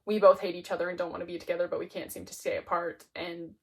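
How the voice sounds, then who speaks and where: A woman's voice: lowish voice, flat delivery, quick pace, gravelly, slightly rough. A young woman talking casually about books she read, chatty and full of "like" as she goes. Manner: chatty, peppered with "like". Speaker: book reviewer. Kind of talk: casual chat.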